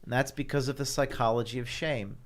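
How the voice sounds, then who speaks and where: A man's voice: mid-range voice, fairly even intonation, brisk. A man in his thirties talking as a guest on a panel discussion, repeating words as he searches for his phrasing. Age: 30s. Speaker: guest journalist.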